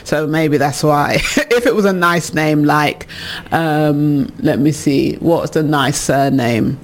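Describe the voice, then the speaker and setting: A man with a somewhat high voice hosts a casual radio talk show. He muses aloud and laughs often as he reads out what listeners write in. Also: takes it slowly, a little hiss or hum. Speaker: radio host reading listener comments. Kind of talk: casual chat.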